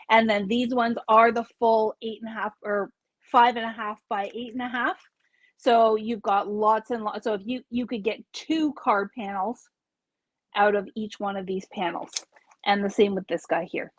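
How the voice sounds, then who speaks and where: A woman's voice: a little high, no echo. A woman hosting a live craft store video, chatty and explanatory, often correcting herself as she shows products. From Canada.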